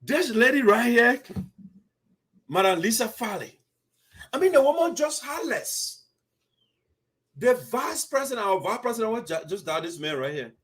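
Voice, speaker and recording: A man with a Liberian English accent hosting a community commentary show, talking in a casual, animated and indignant way with frequent laughter. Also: very high voice, normal speed, pauses often. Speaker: host of diaspora community show.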